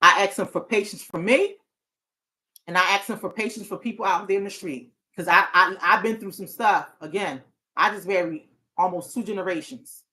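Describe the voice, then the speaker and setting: A woman's voice: medium pitch, normal speed, bright, forceful tone. A woman hosting a talk show as a therapist, speaking earnestly in a casual, heartfelt way. She often restarts her sentences and breaks into laughter.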